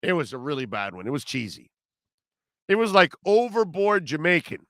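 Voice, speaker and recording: Hosting a sports radio show, a man rambles and jokes loosely about old movies in casual sports talk. His voice is on the high side and fairly bright, with big pitch swings at a moderate pace, recorded in echo-free studio quality.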